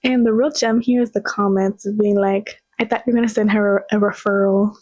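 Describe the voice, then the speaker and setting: A woman's voice: medium pitch, fairly even intonation, moderate pace, hardly any pauses, a little mellow, no echo, low-quality recording. A young woman in her twenties chatting casually as she reacts to clips, gushing and full of slang. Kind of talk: casual chat.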